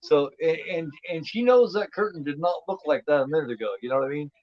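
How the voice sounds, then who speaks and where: A man's voice: a little high, animated, fast talker, dry recording. Rambling fifty-year-old man, lo-fi. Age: 50s. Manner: rambling, repeats words, says "man" and "you know what I mean". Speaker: host. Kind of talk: casual movie commentary. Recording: dull lo-fi sound.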